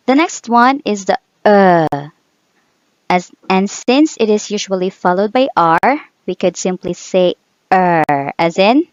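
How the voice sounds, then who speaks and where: A woman leads an English pronunciation lesson at a very slow, deliberate pace, saying each example word twice. The recording is dry and a little dull. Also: mid-range voice, expressive, no echo.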